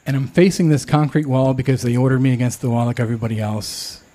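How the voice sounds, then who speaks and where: A man telling a true personal story, candid and self-deprecating, often pausing and restarting. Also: medium pitch, warm tone.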